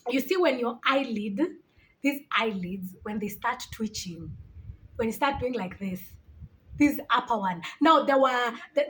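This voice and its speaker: A young woman in her late twenties talks straight to camera in a casual vlog. Her voice sits a little high, and she keeps breaking into laughs and disbelieving exclamations as she tells her stories. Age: 20s. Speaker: vlogger.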